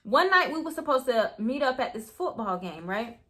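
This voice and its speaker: A young woman telling a story in a casual, animated way. She swears freely and keeps talking straight to her viewers. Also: fairly high pitch, moderate pace. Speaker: storytime vlogger.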